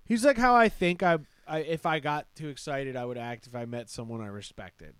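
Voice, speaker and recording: A man co-hosting a podcast in casual chat, animated, laughing and mimicking people as he talks. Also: a little high, brisk, clear, resonant tone, no room sound. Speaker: podcast co-host.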